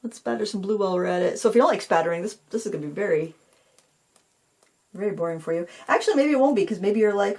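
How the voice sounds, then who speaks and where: A middle-aged woman talks her way through a painting tutorial, chatty and rambling. She pokes fun at herself and speaks straight to her viewers as she works. Her voice sits at an ordinary middle pitch. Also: animated, fast, a little mellow. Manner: rambling, self-deprecating, talks to viewers while working.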